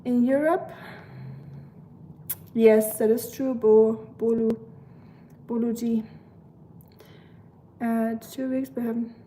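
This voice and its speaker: Speaking slowly and pausing often, a woman from Germany cooks in her kitchen and chats in a rambling, casual way with live-stream viewers in the chat, her German accent clear. Her voice is a little high, steady, and dark, with slight background noise behind it.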